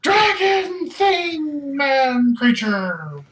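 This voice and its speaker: A man playing an alarmed, indignant townsperson in a tabletop game, shouting and accusing. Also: very high voice, very animated, drawn-out words, voice pushed up, heavily acted. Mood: panicked.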